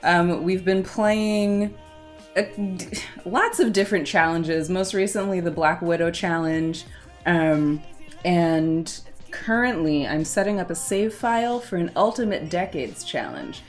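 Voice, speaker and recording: Woman streamer, unhurried but flustered and awkward, casual chat over faint background music. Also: fairly low pitch. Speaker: livestream host.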